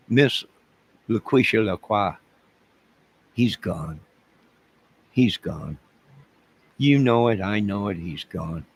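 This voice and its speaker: A man hosting a rambling, joking livestream, answering his chat by name, swinging from loud outbursts to low mutters. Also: creaky, a little hiss or hum, low-quality recording. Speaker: livestream crime-case commentator.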